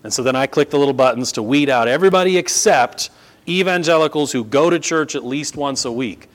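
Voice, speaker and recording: A man preaching a sermon, moving between quiet conversational asides and loud, drawn-out emphatic peaks. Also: medium pitch. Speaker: pastor.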